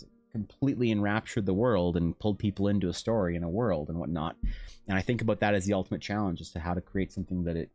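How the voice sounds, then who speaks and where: A man's voice: low-pitched, a little mellow. A young man streaming, telling rambling stories in casual chat with lots of restarts and swearing.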